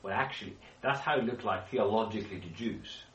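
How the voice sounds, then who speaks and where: Deep-voiced man teaching a Bible study. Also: fairly quick, fairly bright tone, slight background noise. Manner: explains with questions to the group, many restarts. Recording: echoey room, speaker far from mic.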